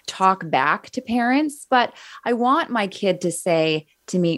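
A woman hosting a podcast, affirming her guest and thinking out loud about parenting. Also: mid-range voice, lively intonation, slow, hardly any pauses. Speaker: podcast host. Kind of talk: casual podcast conversation.

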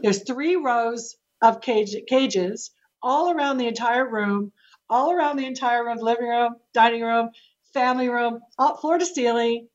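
Animated storytelling woman, dull lo-fi sound. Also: fairly high pitch, a little slow. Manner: animated, with laughs and restarts. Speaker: real estate agent and podcast guest. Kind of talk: casual storytelling interview.

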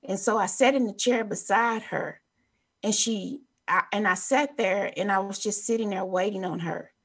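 A woman's voice: medium pitch, moderate pace, breathy edge. A woman co-hosting a casual chat, telling an earnest story. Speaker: co-host.

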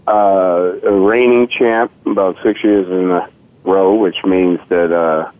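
A man's voice: low voice, fairly even intonation, takes it slowly, clean tone, dry recording. Sarcastic man in his forties on a phone line. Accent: slight Southern rural Virginia. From Virginia, US. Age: 40s. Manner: sarcastic, joking. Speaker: guest comedian. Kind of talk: casual podcast chat.

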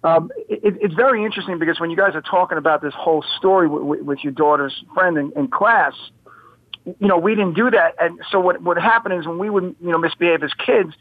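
A man in his fifties telling a childhood story as a guest, animated and repeating his words. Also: fairly high pitch, fast, no echo. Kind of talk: casual storytelling. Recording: phone-like radio line.

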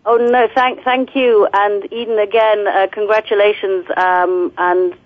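A woman calling in to a talk show, laughing easily and pausing with ums. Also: mid-range voice, fairly even intonation, no echo, narrow, tinny audio. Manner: warm, laughing, hesitant with ums. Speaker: actress guest. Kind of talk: casual phone-in chat.

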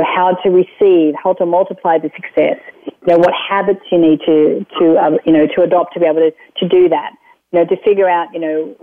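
A woman's voice: fairly low pitch, dry recording. A woman guest talking about her programs, rambling with many fillers and restarts. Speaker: guest, self-help program creator. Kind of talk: conversational interview over a phone line. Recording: tinny phone line, dry.

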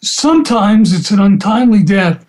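A man's voice: high-pitched, animated, moderate pace, darkish tone. A man reading as a grieving widowed cleaning woman. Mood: sorrowful.

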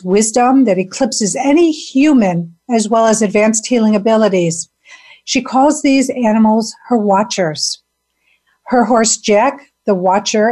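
A woman hosting an interview in an easy, chatty way, her voice sitting a little high. She laughs easily as she talks with her guest. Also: darkish tone. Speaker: podcast host. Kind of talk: casual interview chat.

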